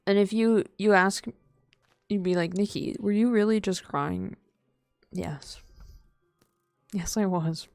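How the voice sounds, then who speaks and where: A woman's voice: mid-range voice, slow, vocal fry, long pauses, darkish tone, no echo, faint music behind. A young woman live-streaming a game, rambling in casual chat and full of "like" fillers. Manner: rambling, heavy use of "like" fillers; chatty and playful.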